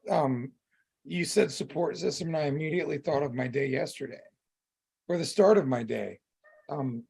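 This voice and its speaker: Raspy high-voiced man talking candidly. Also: mellow. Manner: open and emotional, swears freely, many fillers. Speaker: podcast co-host. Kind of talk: candid casual chat.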